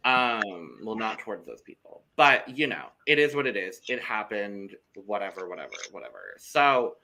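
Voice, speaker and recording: A man's voice: fairly low pitch, expressive, normal speed, pushed and bright. A young man co-hosting a podcast in casual chat, talking loosely, with some swearing and repeated words. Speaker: podcast co-host.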